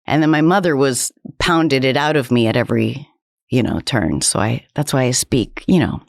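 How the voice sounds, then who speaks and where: A woman from New Hampshire, a comedian guest in a casual interview, speaking with crisp, overly precise diction. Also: a bass voice, lively intonation, normal speed, dry recording, studio quality.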